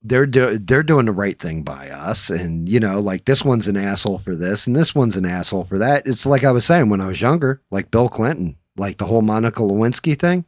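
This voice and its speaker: Profane storytelling man, low voice. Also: fairly quick, hardly any pauses, no echo, studio quality. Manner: profane, storytelling, animated when riled up. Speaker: podcast host. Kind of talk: casual chat.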